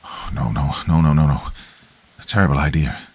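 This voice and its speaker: A man voicing a worried man in his late fifties with a Liverpool accent, warning gravely in a story reading. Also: rumbling low, normal speed, voice pushed down. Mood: ominous.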